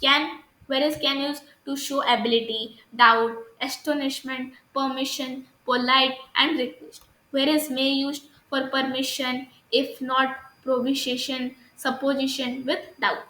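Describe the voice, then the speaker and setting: A woman's voice: high voice, level tone, a little slow, few pauses, pushed and bright, echoey room, a little hiss or hum, poor audio. A woman with an Indian English accent teaching an English grammar lesson, hesitant, with many fillers and restarts, checking if students understood.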